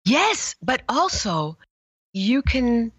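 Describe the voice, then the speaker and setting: Low-voiced woman, lively storyteller. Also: moderate pace, no room sound, muffled recording. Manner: animated storyteller, acts out quoted voices. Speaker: image therapist. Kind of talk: conversational interview storytelling.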